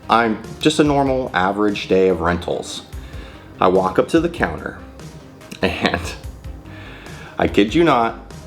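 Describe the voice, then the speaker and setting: Low-voiced guy in his 30s from california telling a story on his channel, swears a lot, laughs a lot, some quiet music in the back. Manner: animated, profane, laughs often. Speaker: channel host. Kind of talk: casual storytelling vlog.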